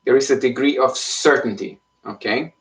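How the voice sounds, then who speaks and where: A man teaches an online Spanish lesson in English, explaining patiently and checking in with frequent "okay?". His medium-pitched voice is a bit bright and moderately paced, and he sounds somewhat distant from the mic.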